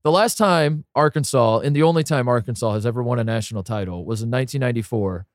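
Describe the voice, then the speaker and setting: A man's voice: medium pitch, fast talker, no room sound, clean studio sound. A man co-hosting a casual sports podcast, talking animatedly, piling up rhetorical questions with many restarts.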